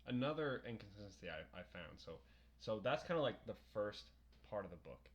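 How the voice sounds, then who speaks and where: A young adult man co-hosting a podcast, chatting casually about a book, rambling and profane and quick to laugh. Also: fairly low pitch, very animated, lo-fi sound. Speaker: podcast co-host. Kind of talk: casual book-discussion chat.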